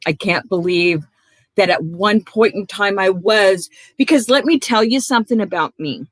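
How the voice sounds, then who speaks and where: A woman of medium pitch, talking at normal speed with no echo, uses her livestream for an angry rant, confronting people by name amid lots of swearing.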